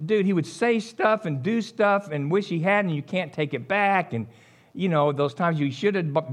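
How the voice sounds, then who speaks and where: A middle-aged man, preaching a sermon as an animated storyteller who chuckles along. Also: a little high.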